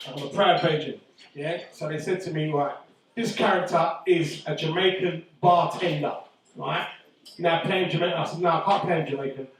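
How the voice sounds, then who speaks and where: A middle-aged man doing stand-up comedy, loud and swearing as he teases the crowd. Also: fairly high pitch, distant mic. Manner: loud, swearing, teasing banter. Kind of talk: stand-up comedy with audience banter. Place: indoor comedy venue. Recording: echoey room, voice from afar, faint noise.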